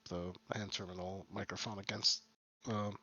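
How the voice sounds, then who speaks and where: A man's voice: low-pitched, little pitch movement, normal speed, pushed and bright, muffled recording. A man narrating as game master of a tabletop game, in a rambling, filler-heavy way.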